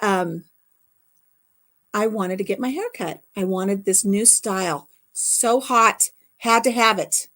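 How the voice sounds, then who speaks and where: Middle-aged woman, from the US, casual chat, rambling storyteller, repeats phrases. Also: mid-range voice. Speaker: vlogger chatting with viewers.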